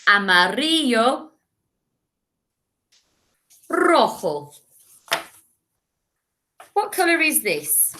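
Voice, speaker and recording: An English woman, a primary school teacher, giving a recorded lesson to children, speaking clearly and encouragingly and modelling words for them to repeat. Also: a little high, big pitch swings, very slow, long pauses, pushed and bright.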